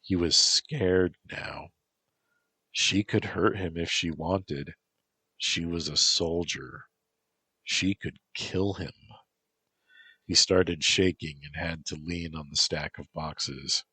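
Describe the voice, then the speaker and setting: Deep, slow husky male narrator. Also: fairly even intonation, pushed and bright, dry recording. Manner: slow, measured. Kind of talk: storybook reading.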